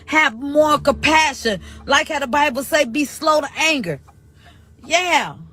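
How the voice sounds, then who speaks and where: A woman's voice: high voice, animated, a little slow, fairly bright tone. A woman speaking through grief in a pleading, preaching way, urging listeners to show mercy and citing scripture. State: grieving. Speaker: grieving sister in a live video. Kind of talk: emotional testimony.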